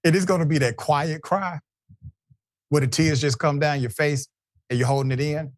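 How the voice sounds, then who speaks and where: A man's voice: on the high side, fairly even intonation, moderate pace, no echo, clean studio sound. A man hosting a live show, reading viewer comments and giving pointed, conversational commentary. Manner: pointed, conversational, addresses people directly.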